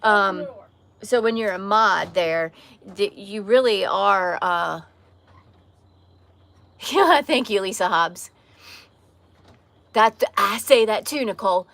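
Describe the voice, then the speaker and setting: A woman's voice: medium pitch, takes it slowly, gravelly, long pauses, a bit bright. A woman with a slight Southern accent, hosting a casual livestream from an outdoor porch and talking candidly to viewers' comments, often restarting her sentences. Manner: candid, frank, with frequent restarts and trailing phrases. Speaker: livestream host.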